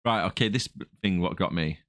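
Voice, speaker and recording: A man co-hosting a podcast, trading casual, sweary, animated banter about a film and laughing often. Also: deep voice, moderate pace, no echo, studio quality. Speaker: podcast co-host.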